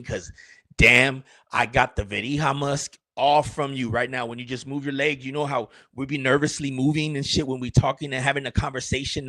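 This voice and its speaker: A man's voice: mid-range voice, a bit bright, no echo. A man, a streamer and rapper, chatting casually in a rambling, crude, joking way. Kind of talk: casual livestream chat.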